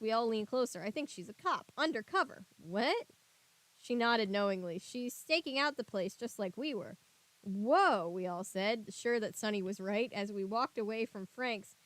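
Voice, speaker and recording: Woman reader, casual read-aloud of a kids' book, bright character lines, chatty asides. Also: medium pitch. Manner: reads dialogue brightly, chatty joking asides. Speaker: reader and commentator.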